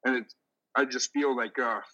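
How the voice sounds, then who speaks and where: Profane, bright-voiced veteran lifter. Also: male voice, medium pitch, moderate pace, muffled recording. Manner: profane, animated storytelling. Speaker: podcast host, veteran powerlifter. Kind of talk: casual chat.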